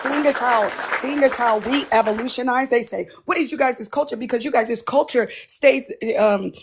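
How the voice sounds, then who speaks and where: A woman with a rough voice speaking on a casual panel, delivering an emphatic opinion. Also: a little high, moderate pace, a crowd in the background, background noise. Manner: emphatic, lecturing.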